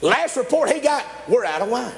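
A man's voice: very high-pitched, very animated, normal speed, creaky. A man, a pastor, delivering a folksy sermon, exclaiming often and laughing between points.

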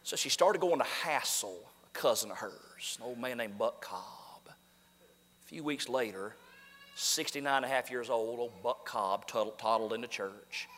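A man pastor preaching a fiery sermon, swinging from shouts down to hushed, near-whispered lines. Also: mid-range voice, measured pace, in a large hall, a little hiss or hum. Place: church sanctuary.

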